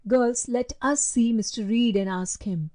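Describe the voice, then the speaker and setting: A woman's voice: a little high, a little slow, darkish tone, natural voice. A woman voicing a bold, determined young girl who speaks firmly and decisively in a storybook reading. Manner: firm and decisive.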